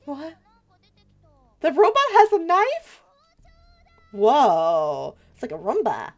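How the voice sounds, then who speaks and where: A woman's voice: sits high, wildly swooping pitch, slow pace, darkish tone. A young woman streamer playing a story game, chatty and playful, reacting with jokes. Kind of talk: game playthrough commentary.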